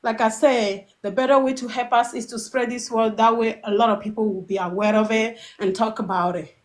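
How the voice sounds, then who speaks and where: A fairly high-voiced woman speaks over a phone line as a caller on a live talk show. She talks with raw emotion, circling back and repeating phrases as she presses her point. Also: fairly even intonation, fairly quick. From Togo. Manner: emotional, repeats and restarts words. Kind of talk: impassioned call-in testimony.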